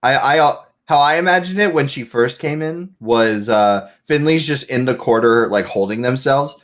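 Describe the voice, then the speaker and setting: A game master narrates a tabletop scene in a playful, halting way. The delivery is full of fillers and restarts. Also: mid-range voice.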